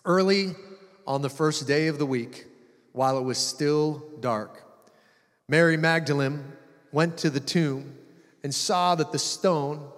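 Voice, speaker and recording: A man's voice: on the high side, steady tone, a little slow. A man preaching a sermon, reading scripture and retelling it dramatically, acting out the voices he quotes. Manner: dramatic, acts out quoted voices with rising intensity. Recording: long hall reverb.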